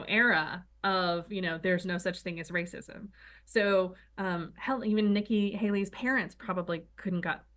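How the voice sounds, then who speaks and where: A woman's voice: medium pitch, a bit bright. Woman cohosting a political talk show, wry and opinionated, argues it out point by point.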